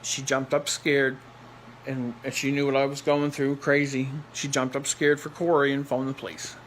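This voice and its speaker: A man's voice: medium pitch, level tone, moderate pace, fairly bright tone, a little hiss or hum, poor audio. A man telling a personal story in a blunt, rambling way, repeating phrases for emphasis and laughing in between. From Nova Scotia, Canada.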